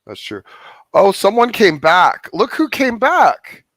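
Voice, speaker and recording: A man's voice: high-pitched, wildly swooping pitch, takes it slowly, fairly bright tone. A man hosting a live call-in stream, wordy, often restarting his sentences. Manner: wordy, with frequent restarts and fillers. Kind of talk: casual live-stream chat.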